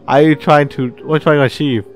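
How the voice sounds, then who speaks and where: Slightly high in pitch, this man talks at a quick pace with fairly even intonation over soft background music. He hosts a gaming channel and, in a casual let's-play, chats, swears, laughs a lot, and reads the game's text out loud.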